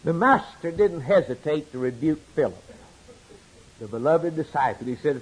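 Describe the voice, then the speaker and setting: A man preaching a sermon in a fairly high, husky voice. He swings between loud, emphatic declarations and quiet, intimate asides. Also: animated, moderate pace, rough recording.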